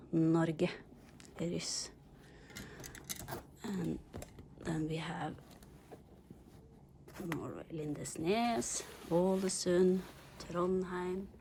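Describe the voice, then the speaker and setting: A middle-aged Norwegian woman speaks in a lower voice with a Norwegian accent, talking very slowly and gently. She coaxes and praises her dogs, laughing often, and now and then turns to her viewers. A faint hiss of background noise sits under her voice. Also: creaky. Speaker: pet channel host.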